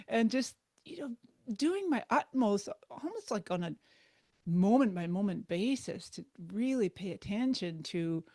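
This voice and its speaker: A woman speaking as a guest in a casual interview, animated and laughing often. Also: fairly high pitch, moderate pace, dry recording, clean studio sound.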